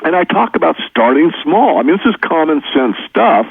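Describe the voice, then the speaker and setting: A man's voice: on the high side, sing-song, moderate pace, gravelly, slightly rough, no room sound. A man talking as an interview guest in a casual, earnest, folksy way, repeating his practical points. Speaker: precious metals educator, guest. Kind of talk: casual explanatory interview talk. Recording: tinny phone line.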